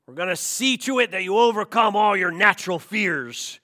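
A man playing a tough male army drill sergeant who barks commands loudly, pitched a little higher than his own voice. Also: expressive, moderate pace. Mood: rousing.

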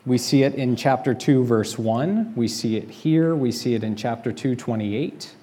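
Mellow-voiced male pastor preaching. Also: medium pitch, normal speed. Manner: conversational, explanatory preaching with rhetorical questions. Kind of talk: sermon. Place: church sanctuary.

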